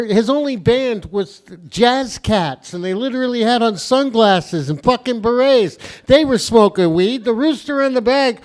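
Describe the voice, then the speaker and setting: A middle-aged man with a fairly high voice hosts a stand-up open mic. He rambles crudely and swears freely as he jokes with the crowd. He speaks on a stage mic in a comedy club. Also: animated, normal speed, few pauses, a little mellow. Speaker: comedy host. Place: comedy venue stage before a live audience.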